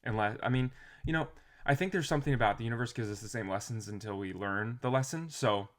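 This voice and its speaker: A man talking casually to camera in a motivational vlog, reflective and rambling, with restarts and soft trailing phrases. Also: mid-range voice, quick pace. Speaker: motivational vlogger.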